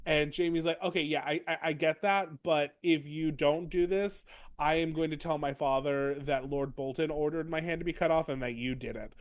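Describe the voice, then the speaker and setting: Animated man recapping with goofy asides. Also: fairly high pitch, moderate pace. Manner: rambling, animated recap with acted-out quotes. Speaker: podcast co-host. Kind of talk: casual book discussion chat.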